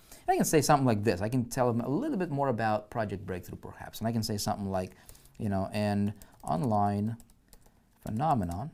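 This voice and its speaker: A man's voice: on the low side, mellow. Man thinking aloud in a tutorial. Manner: thinks aloud, checks in with listeners often; frequent restarts and repeated words. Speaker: online marketing instructor. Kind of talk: screen-share tutorial walkthrough.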